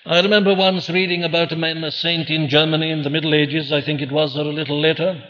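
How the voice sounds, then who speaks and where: A man's voice: fairly high pitch, sharp tone, big-room sound, dull audio. A man preaching a sermon earnestly, posing questions and answering them himself. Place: church.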